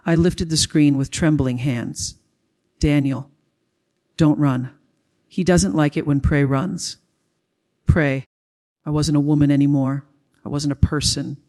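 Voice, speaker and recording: A man reading a first-person dramatic story as a storyteller, in a steady, even way. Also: fairly high pitch. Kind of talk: scripted first-person narration.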